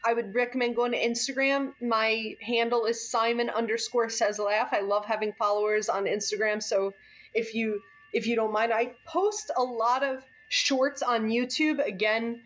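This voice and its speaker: A woman comedian chatting as a podcast guest, animated and quick to laugh, often restarting her words. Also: fairly high pitch. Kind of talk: casual interview chat. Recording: slightly dull, lo-fi sound.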